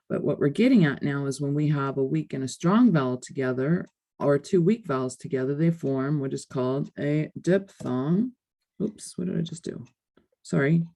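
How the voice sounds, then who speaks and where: A woman teacher with a dark, gravelly voice walks through a recorded lesson. She models sounds slowly and corrects herself as she goes. Her voice now and then drifts off the mic. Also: low-pitched. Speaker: Spanish teacher. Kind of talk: screen-share lesson recap.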